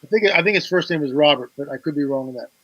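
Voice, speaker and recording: A man's voice: fairly high pitch, expressive, racing, a bit bright, husky, no room sound, highs cut off. A man, a guest author on a talk show, telling a story with animation, repeating words and acting out quoted dialogue.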